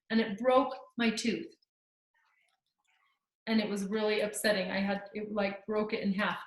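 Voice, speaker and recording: A woman's voice: a little high, a bit bright. A woman teaching a live online art class to children over a video call, full of gushing, encouraging praise. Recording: echoey room.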